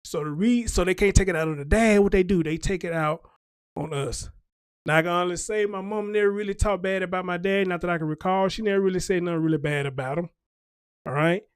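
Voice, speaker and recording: A man's voice: high voice, quick pace, smooth, no echo, clean studio sound. A man hosting a commentary show, ranting casually and emphatically, with a preachy tone and frequent checks for agreement.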